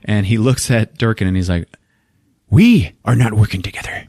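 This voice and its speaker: A man with a fairly low voice tells a film's plot to his podcast co-hosts, and his pitch swings widely as he jumps between characters. He swears often and keeps the chat loose and lively. The sound is dry and close, with no room around it. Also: moderate pace, dry recording. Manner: animated scene retelling, swearing, quoting characters. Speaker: podcast co-host recapping a movie.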